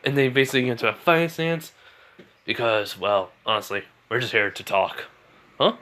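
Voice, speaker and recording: A man's voice: mid-range voice, expressive, moderate pace, sharp tone. A man casually telling a homemade fan story, rambling and chuckling as he goes.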